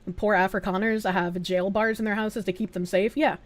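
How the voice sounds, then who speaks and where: A woman's voice: medium pitch, steady tone, brisk, dry recording. Woman, streamer, casual reaction commentary, earnest, swears, dry close sound.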